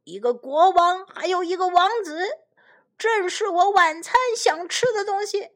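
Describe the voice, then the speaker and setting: A woman voicing a hungry, menacing male lion in a children's storybook, speaking in a loud, gloating way. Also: very high voice, unhurried, voice pushed up.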